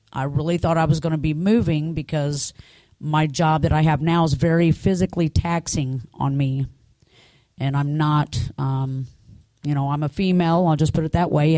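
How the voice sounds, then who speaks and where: A woman's voice: deep voice, dark tone, no room sound. Woman, middle-aged, earnest personal testimony, conversational storytelling, dry close sound. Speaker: church speaker giving a testimony.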